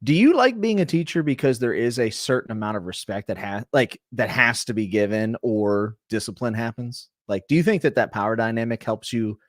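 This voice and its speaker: A man's voice: mid-range voice, expressive, fairly quick, hardly any pauses, no echo, studio quality. A man hosting a casual podcast interview, asking curious questions. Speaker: podcast host.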